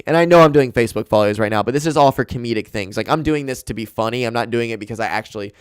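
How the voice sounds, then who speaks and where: Young male podcast host, dry close mic, excitable and profane. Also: medium pitch, very fast, hardly any pauses, clear, resonant tone, no room sound. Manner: rambling, swears a lot, excitable. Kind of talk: casual solo chat. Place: home room with dog and carpet. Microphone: desk mic and camera.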